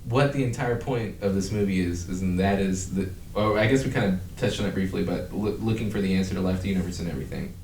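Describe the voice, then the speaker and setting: A podcast host with a low voice who chats in a loose, rambling way and swears freely. The recording sounds echoey, as if made in a bare room, with faint background noise. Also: male voice, quick pace, few pauses, a little mellow, distant mic. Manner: rambling, profane, breaks into laughter. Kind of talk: casual chat.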